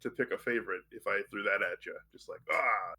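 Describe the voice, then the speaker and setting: A young man co-hosting a podcast in casual chat, playful and animated, breaking into goofy sound effects. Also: lowish voice, quick pace, gravelly. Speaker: podcast co-host.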